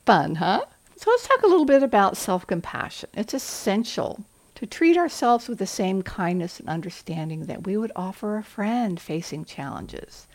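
Woman, podcast host, motivational coaching talk, earnest, mid pitch, gravelly. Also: expressive, moderate pace, hardly any pauses. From Southern US. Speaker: podcast host for school leaders.

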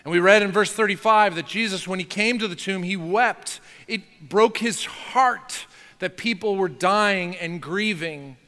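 A male pastor delivers a sermon in a high, bright voice, mixing emphatic slowed-down phrases with casual asides. His words ring out in a sanctuary with a long, echoing reverb.

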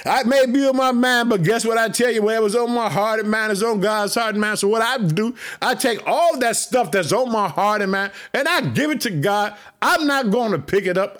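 A man preaching to his podcast listeners as pastor, excited and repetitive. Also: high-pitched, a little fast, few pauses. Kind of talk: podcast sermon.

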